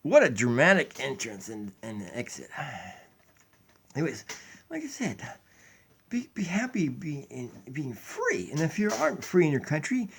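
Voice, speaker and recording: A man's voice: fairly high pitch, sing-song, moderate pace, vocal fry, a bit bright, a little hiss or hum. A man from the United States giving a rambling, preachy opinion vlog, recorded on a tablet in his home kitchen. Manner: rambling, preachy, restarts a lot. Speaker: YouTube vlogger. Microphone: tablet built-in mic.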